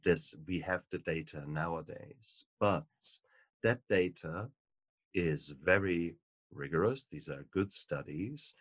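A man's voice: deep voice, slow, a bit bright, no room sound. A man, an author and guest, talking emphatically in a podcast conversation and repeating words for stress.

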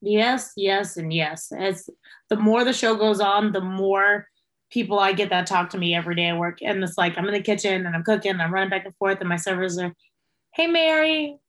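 A woman who works as a cook, a guest chatting casually, telling stories animatedly and jumping far higher in pitch when she quotes people. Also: fairly even intonation, a little fast, fairly bright tone. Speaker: interview guest, restaurant cook. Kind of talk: casual chat.

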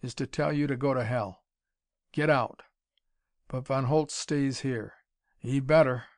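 A man voicing a calm, suave young male inventor hero. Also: medium pitch, a little slow, dry recording, studio quality, lightly acted. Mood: defiant.

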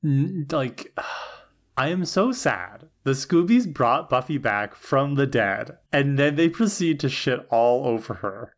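A podcast co-host with a middle-pitched voice, talking in casual recap chat. The commentary is indignant and full of joking asides. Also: sing-song, slow.

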